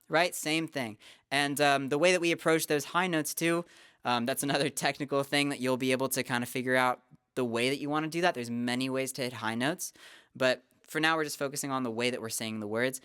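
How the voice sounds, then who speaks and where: A young adult vocal teacher, calmly explaining singing technique step by step in a casual lesson. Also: medium pitch, fairly quick, smooth, no room sound, studio quality. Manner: relaxed, explanatory, talks through technique step by step.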